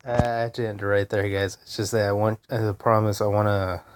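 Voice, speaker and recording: A man's voice: fairly low pitch, flat delivery, a little fast. A man hosting a gaming channel, giving casual, profane gameplay commentary and rambling to himself as he hunts through menus. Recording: heavy background noise.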